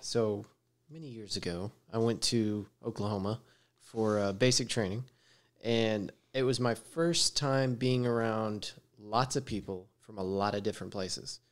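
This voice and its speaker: A man's voice: on the low side, unhurried. A man from West Texas with a Texan accent, hosting a podcast and chatting casually with a guest, telling stories and laughing easily. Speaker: podcast host. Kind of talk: casual chat. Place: studio with guest six feet away.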